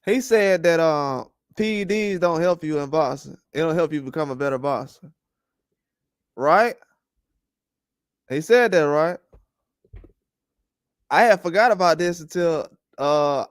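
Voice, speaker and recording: Male boxing host, high smooth voice, dry close sound, loose rambling trash talk. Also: measured pace, pauses often, no room sound. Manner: animated, rambling trash talk with frequent laughs. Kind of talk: casual boxing commentary livestream.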